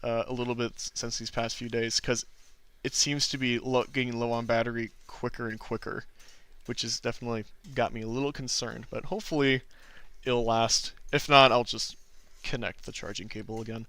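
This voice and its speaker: A man with a bright, crisp voice chats casually while he draws and answers viewers' questions. He is easygoing and self-deprecating, and he chuckles often. The sound is dry and close, with no room echo. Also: mid-range voice, flat delivery, brisk. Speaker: artist streaming drawing requests and Q&A. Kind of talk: casual livestream chat.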